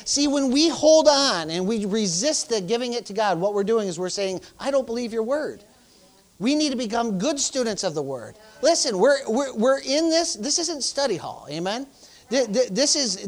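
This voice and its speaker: A pastor delivers an informal sermon in a mid-range, sing-song voice at a moderate pace. He sprinkles in "praise the Lord" and "hallelujah" while emphatically urging the congregation on.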